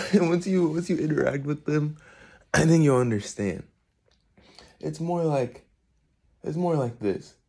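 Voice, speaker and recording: A man's voice: fairly high pitch, measured pace, pauses often, warm tone, breathy edge. A young man rambling in a casual monologue to camera at home, swearing freely and restarting his sentences. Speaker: vlogger.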